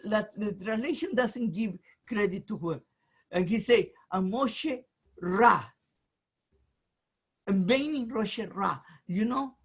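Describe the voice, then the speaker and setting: A man, a rabbi, giving an informal Torah lesson, emphatic and animated, in broken English with many restarts and asides. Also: sits high, slightly rough. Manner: jokes and talks aside to someone off mic. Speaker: rabbi teaching the weekly Torah portion.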